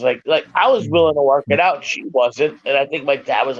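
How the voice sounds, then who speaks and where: A man's voice: on the high side, brisk, dry recording. A middle-aged man telling a story in casual chat, emphatic and profane, insisting again and again that it is true. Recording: dull lo-fi sound, dry.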